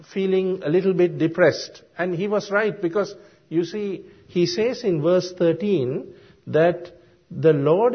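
A man preaching a sermon, explaining Bible verses slowly and deliberately with frequent ums and uhs. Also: a little high, slightly rough. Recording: dull lo-fi sermon recording.

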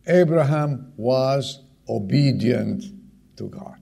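Slow, gravelly male preacher. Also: mid-range voice, expressive, a little mellow. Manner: emphatic, repeats key words for stress; asks the congregation direct questions. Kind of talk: sermon.

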